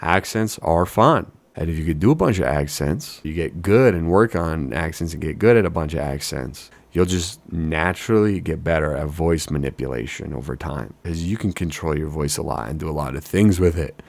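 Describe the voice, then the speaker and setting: Deep-voiced man, mock-boastful vlogger. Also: animated, normal speed, vocal fry, hardly any pauses, darkish tone, no echo. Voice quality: deep announcer voice. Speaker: wedding DJ and hobby voice actor. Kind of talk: casual self-mocking vlog talk.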